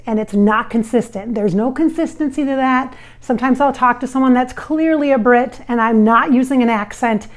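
A woman from the American Midwest who channels spirits, talking casually to camera on a microphone about viewer comments, chatty and reassuring with fillers and restarts. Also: fairly high pitch. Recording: recorded on a microphone.

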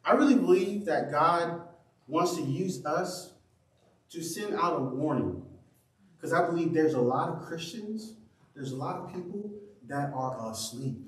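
A man preaching a sermon and telling a lively personal story, often laughing and acting out what people said. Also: fairly high pitch, a little slow. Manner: animated, laughing storyteller who acts out quotes. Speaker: pastor. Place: church sanctuary. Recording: roomy echo from a distant mic.

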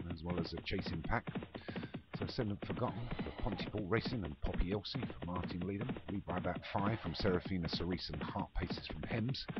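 A man with a low, deep voice calls a horse race in a chatty, self-deprecating manner. He rattles off runners and riders, stumbling into fillers now and then. The recording is dull and lo-fi, with loud noise under it. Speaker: race commentator. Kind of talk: horse racing commentary for an online game league.

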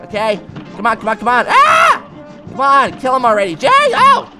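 A man's voice: very high-pitched, wildly swooping pitch, fairly quick, loud music behind the voice, heavily acted. A man doing a squealing cartoon cat gamer. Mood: excited. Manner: yelps and screams, talks to the bosses. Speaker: let's play gamer. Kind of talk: game commentary in character.

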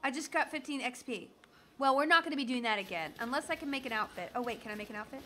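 A woman's voice: high-pitched, animated, quick pace, bright, forceful tone, slight background noise. A woman from the southern United States giving chatty, jokey commentary while playing a video game. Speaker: gaming streamer. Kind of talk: casual gameplay commentary.

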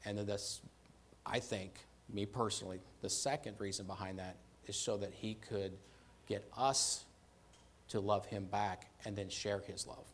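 A man's voice: lowish voice, fairly even intonation, a little slow, slight background noise. A man preaching a sermon in a conversational way, stressing and repeating key phrases and often checking in with "right?" and "okay?".

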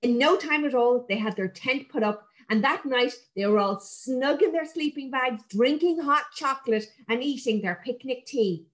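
A woman reading a picture book aloud to young children, warm and expressive. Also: sits high, normal speed, few pauses.

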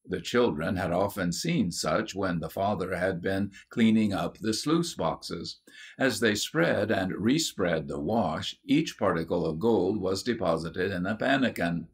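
A man narrating a children's story from an audiobook in a measured storytelling manner. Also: sits low, expressive. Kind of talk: scripted narration.

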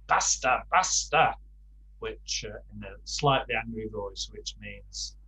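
Older male tutor, video call, slow and halting, lots of fillers. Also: on the low side, flat delivery, gravelly, sharp tone, a little hiss or hum, rough recording. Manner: slow, hesitant, many fillers and restarts. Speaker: Spanish class tutor. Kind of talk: online language lesson.

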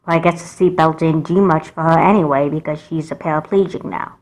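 A sulky teenage girl, voiced by a woman in a homemade doll movie, her lowish voice rising sharply when she gets angry. She talks back with a bitter, stubborn edge. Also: steady tone, a little fast, darkish tone, lightly acted. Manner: sulky, raising her voice in anger. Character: teenage girl, upset and angry over twin.

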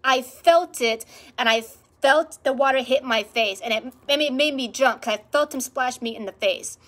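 Animated woman telling a personal story. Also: high-pitched, normal speed. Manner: animated, emphatic, swears and repeats for emphasis. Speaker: spiritual practitioner vlogger.

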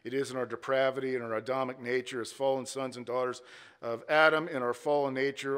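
A pastor preaching a sermon with emphatic delivery and rhythmic repetition. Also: male voice, medium pitch, a bit bright, clean tone. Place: church sanctuary. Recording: long church reverb.

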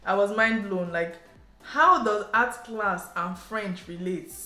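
A woman from Nigeria with a Nigerian English accent, telling a story to camera in a chatty, animated way and sprinkling in local slang. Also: mid-range voice, takes it slowly. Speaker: vlogger. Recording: roomy echo, faint background music.

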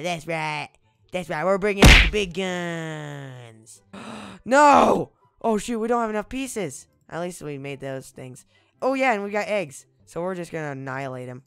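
A young man giving goofy let's play commentary, exclaiming loudly and slipping into whispered sneaky asides. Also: high voice, gravelly, clean tone. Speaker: gaming video host.

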